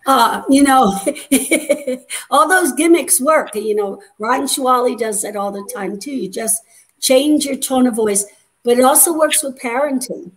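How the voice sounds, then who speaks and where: A woman co-hosting over a video call, chatty and animated, sharing teaching stories. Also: high-pitched. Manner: animated, chatty, quick interjections. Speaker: co-host, educator. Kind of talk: casual chat.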